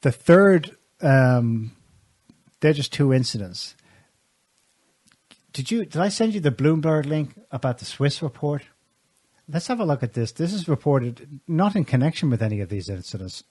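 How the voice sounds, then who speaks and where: A man's voice: a little high, sing-song, moderate pace, a little mellow, slightly rough, no echo. A man co-hosting a talk show, giving casual, sardonic political commentary with pointed remarks and frequent restarts. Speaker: show co-host.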